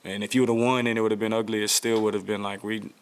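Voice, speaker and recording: A man in his thirties answering press conference questions in a relaxed, reflective way with many fillers. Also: on the low side, fast talker, clear, resonant tone. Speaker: football player at press conference.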